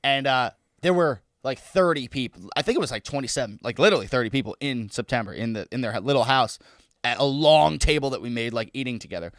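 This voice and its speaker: Lively young man, laughing podcast banter. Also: medium pitch, fast talker, dry recording, clean studio sound. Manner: animated, laughs often while telling stories. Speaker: podcast co-host. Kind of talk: casual chat.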